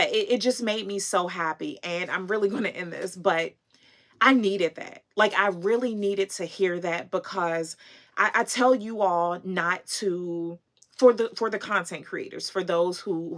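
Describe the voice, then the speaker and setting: A woman's voice: on the low side, fairly bright tone. A woman vlogger telling a heartfelt story on a livestream, earnest and emotional, breaking into laughs and chatting with viewers. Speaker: fashion and consignment vlogger.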